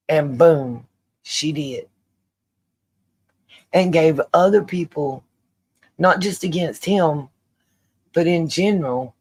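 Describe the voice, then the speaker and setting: A husky, deep-voiced woman with a darkish tone runs her own channel, giving viewers her opinion commentary head-on. She speaks emphatically and repeats her points to give them weight.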